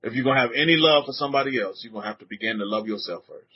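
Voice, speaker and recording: A man preaching a sermon to a congregation, animated, repeating words and putting questions to the room, on a dull lo-fi recording. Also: medium pitch, rapid-fire, breathy edge. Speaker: rabbi teaching a congregation.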